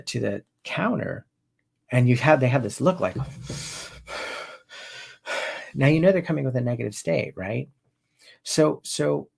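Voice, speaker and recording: Middle-aged male coach, gravelly voice, loose and rambling teaching delivery with lots of restarts. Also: medium pitch. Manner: rambling, with frequent restarts and tag questions. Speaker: NLP coach. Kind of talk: informal teaching talk.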